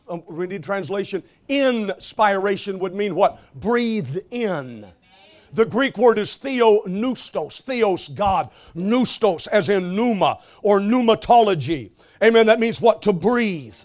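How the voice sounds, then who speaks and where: A man with a high voice preaches a sermon, putting questions to the congregation and quoting scripture. He shifts between loud exclamations and quiet passages.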